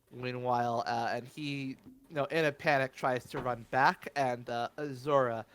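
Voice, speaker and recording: Man running a tabletop game, halting. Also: medium pitch, fairly bright tone. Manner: hesitant, many fillers and restarts. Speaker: game master.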